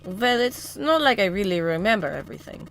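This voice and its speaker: A woman voicing a troubled grown man with lost memories, an ex-cop, reading a visual novel aloud in a halting, searching way. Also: medium pitch, very animated, fairly bright tone, a little hiss or hum. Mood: explaining.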